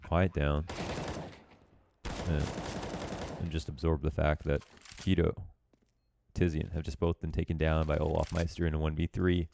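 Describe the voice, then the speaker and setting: Deep gravelly man breaking down gameplay. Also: little pitch movement, moderate pace, long pauses, warm tone, a little hiss or hum. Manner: loose, chatty, self-deprecating with filler words. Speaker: esports coach reviewing a match demo. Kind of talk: casual game analysis commentary.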